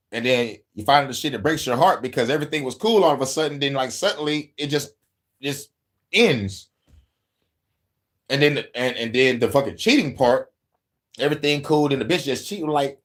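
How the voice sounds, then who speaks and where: A man's voice: mid-range voice, normal speed. Man, casual profane rant, laughs often, mimics others mid-story. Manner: profane, laughing, acts out quotes.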